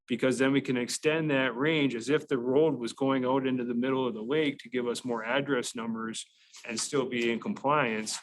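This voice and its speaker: A man's voice: medium pitch, a bit bright, a little hiss or hum, low-quality recording. A man on county staff explaining an address change to a committee in a methodical way, with frequent fillers and restarts. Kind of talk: public meeting explanation.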